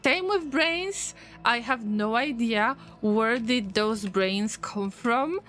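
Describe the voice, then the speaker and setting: A woman's voice: on the high side, lively intonation, slow, fairly bright tone. A woman streaming a game, chatting casually with her viewers in a playful, teasing way and answering their messages with jokes. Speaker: gaming streamer. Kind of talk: casual live-stream chat while playing.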